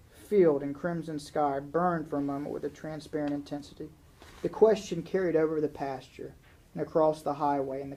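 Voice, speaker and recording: A man's voice: a little high, vocal fry, dark tone, low-quality recording. A man preaching a sermon, talking conversationally and reading a long story passage aloud.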